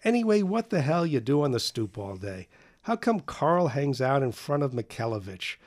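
A man voicing a gruff, nosy male building janitor who scolds loudly. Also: medium pitch, big pitch swings, moderate pace, natural voice. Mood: scolding. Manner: blunt, scolding, loud.

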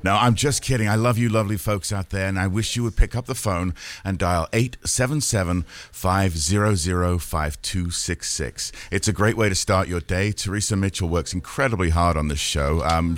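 A man with an English accent, co-hosting a radio pledge drive in a joking, chatty way and repeating the call-in number. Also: low-pitched. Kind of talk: casual radio pledge pitch. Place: radio studio.

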